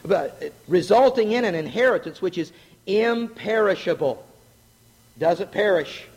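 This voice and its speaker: A middle-aged man preaching a sermon, animated and joking, asking the congregation questions. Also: high-pitched, unhurried, husky. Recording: long hall reverb.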